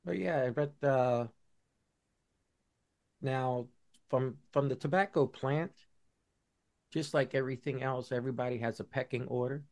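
Male podcast co-host, casual explainer, halting with fillers. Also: mid-range voice, darkish tone. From Buffalo, New York. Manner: explanatory, many fillers and restarts. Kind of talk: casual chat.

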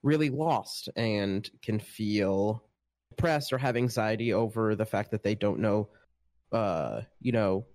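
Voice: mid-range voice, slow pace, darkish tone, no echo. Hesitant speaker on a call, keeps repeating words, dry sound. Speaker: discussion participant. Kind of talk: casual group discussion.

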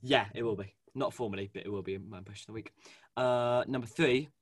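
A man co-hosting a casual fan chat, animated and gushing, with lots of fillers and restarts. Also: mid-range voice, quick pace, breathy edge, no echo, clean studio sound. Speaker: podcast co-host. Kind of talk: casual fan chat about a cartoon series.

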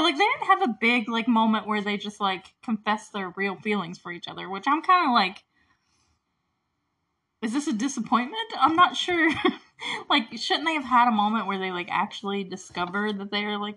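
A woman's voice: fairly high pitch, lively intonation, moderate pace, bright, forceful tone. A woman casually recapping a movie plot, chatty and giggly, with constant "like" fillers. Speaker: movie reviewer. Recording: voice a bit distant from the mic.

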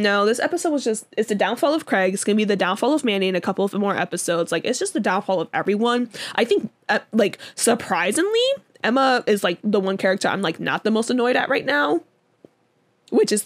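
A young woman co-hosting a podcast in casual chat, talking loosely with many fillers and quick laughs. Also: medium pitch, lively intonation. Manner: chatty, lots of fillers and laughs. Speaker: podcast co-host.

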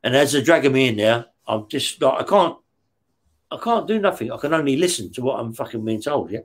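A man telling a rough story from his past in a casual interview, swearing often and checking in with "yeah?" after nearly every phrase. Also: medium pitch, lively intonation, brisk. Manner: blunt, heavy swearing, keeps checking with "yeah?". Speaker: interview guest recounting prison life.

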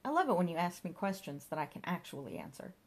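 A woman's voice: lowish voice, big pitch swings, fast talker. A woman voicing an eccentric middle-aged mother who chatters in a dotty, matter-of-fact way.

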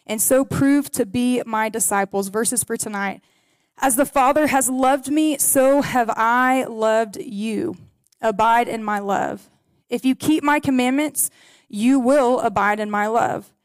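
A woman preaching a sermon to a gathered congregation, earnest and story-driven, praying softly between readings. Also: a little high, no room sound. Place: in a room with a gathered audience.

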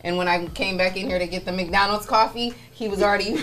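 A woman's voice: medium pitch, brisk, a bit bright. A woman co-hosting a morning show in a studio, chatting casually and often laughing through her stories. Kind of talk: casual chat.

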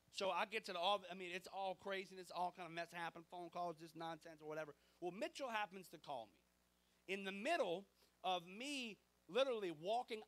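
High-voiced pastor telling stories. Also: male voice. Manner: conversational, animated storytelling with quoted dialogue. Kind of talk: sermon with personal stories.

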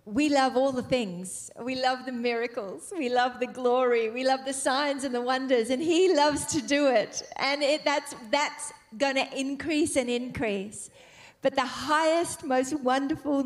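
High-voiced fervent woman preacher. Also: unhurried. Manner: fervent, building to emphatic exclamations. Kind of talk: sermon.

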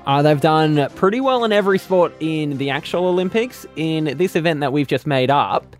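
Australian man, radio co-host, dry jokes, high voice, lively pitch, faint music behind. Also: normal speed. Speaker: radio breakfast show co-host. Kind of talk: upbeat radio banter.

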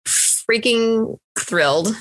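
A woman with a bright, forceful voice co-hosts a casual podcast chat. She talks in a chatty, excitable way and giggles easily. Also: fairly high pitch, drawn-out words. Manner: chatty, giggly, excited about pop culture. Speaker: podcast co-host.

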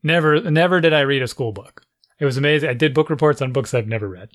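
A man in a casual chat, telling a story with animated quoted dialogue and frequent laughter. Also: mid-range voice, quick pace.

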